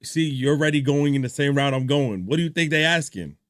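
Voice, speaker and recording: A young man streaming a reaction video, telling stories in animated, slangy casual chat. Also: fairly high pitch, brisk, dry recording, studio quality. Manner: animated storytelling, slangy, laughs a lot.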